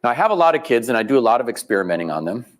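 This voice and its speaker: A man's voice: mid-range voice, big pitch swings, very fast. A middle-aged man giving a talk as guest speaker, telling stories in a folksy way and acting out the people he quotes. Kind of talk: storytelling lecture. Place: live event venue.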